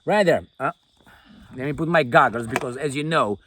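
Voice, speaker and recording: A man's voice: medium pitch, normal speed, fairly bright tone, no room sound. An older man vlogging from inside a tent, giving rambling political commentary in a profane, mocking, jokey way.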